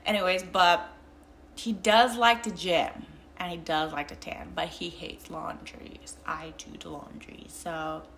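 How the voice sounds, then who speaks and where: A woman's voice: lowish voice, steady tone, unhurried, background noise. A young woman vlogging in casual chat with a mild American accent, rambling with many fillers and restarts.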